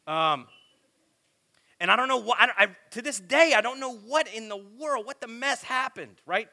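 A middle-aged man preaching a sermon in a casual, animated, self-deprecating storytelling way. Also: very high-pitched, normal speed. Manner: animated, self-deprecating, lots of filler and repeats.

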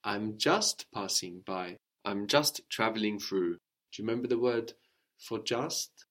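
A man's voice: on the low side, a little slow, fairly bright tone. A man teaching a French lesson, explaining patiently and repeating each phrase for his student. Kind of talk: language lesson.

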